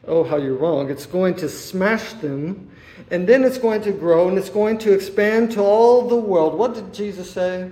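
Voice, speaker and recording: A man preaching a sermon, asking his listeners rhetorical questions and often pausing on "uh". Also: high voice, a little mellow. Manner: asks the listeners rhetorical questions, with many "uh" fillers. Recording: echoey room.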